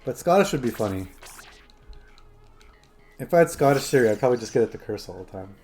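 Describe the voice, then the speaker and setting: A man's voice: medium pitch, animated, quick pace, darkish tone, faint music behind. A man streaming a game, chatting casually and rambling to his viewers. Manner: rambling, chatty, talking to chat and his phone. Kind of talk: casual live-stream chat.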